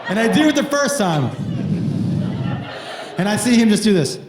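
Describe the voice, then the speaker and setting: A middle-aged man doing stand-up, telling crude stories in a playful, animated way with sudden loud outbursts. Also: sits high, normal speed, crowd noise. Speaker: stand-up comedian. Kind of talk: stand-up storytelling. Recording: roomy echo with faint noise.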